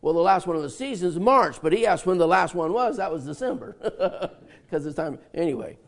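An older male pastor delivers a sermon in a high, gravelly voice. He draws words out of the congregation and repeats them back. He slips into folksy stories with a chuckle. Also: expressive, brisk. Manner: interactive, asks congregation and repeats answers; folksy storytelling with laughs.

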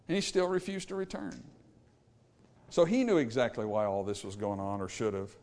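Brief: male pastor, fiery sermon delivery that drops to hushed pleading. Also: on the low side, moderate pace. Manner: fiery, swinging from loud emphasis to hushed pleading. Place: church sanctuary.

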